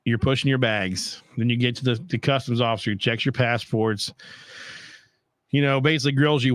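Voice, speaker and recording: A young man, the host, telling a travel story in an animated, profane rant. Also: medium pitch, moderate pace, dry recording. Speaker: podcast host. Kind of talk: casual storytelling.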